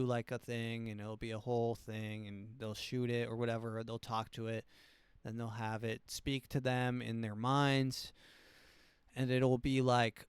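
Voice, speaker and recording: A man's voice: medium pitch, smooth, no room sound, clean studio sound. A man hosting his comedy show, talking in a loose, profane, rambling monologue. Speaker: comedy podcast host.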